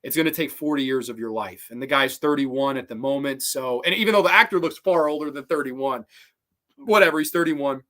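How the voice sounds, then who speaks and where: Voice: mid-range voice, brisk, a bit bright. A podcast host giving a casual, rambling review. The host swears freely, thinks aloud with many fillers and sounds baffled and questioning.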